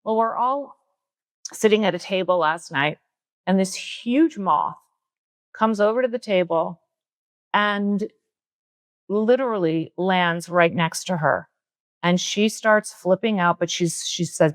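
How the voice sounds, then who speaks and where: A woman's voice: a little slow, pauses often, dry recording. Woman, middle-aged, spiritual host, casual storytelling, acts out voices, dry close sound. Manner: animated, acts out quoted dialogue with big jumps in pitch. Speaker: spiritual teacher and podcast host.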